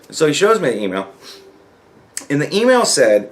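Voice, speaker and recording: A man's voice: fairly high pitch, sing-song, a little fast. A young man telling a work story in a casual, profane rant, acting out the dialogue. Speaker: vlogger.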